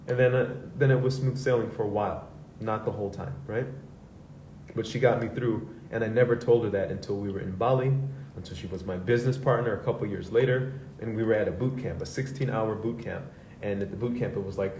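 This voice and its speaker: A man's voice: medium pitch, a little fast, warm tone, a little hiss or hum. A man as host, speaking candidly to a live audience in a loose, conversational way, with swearing and acted-out quotes. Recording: echoey room heard from a distance.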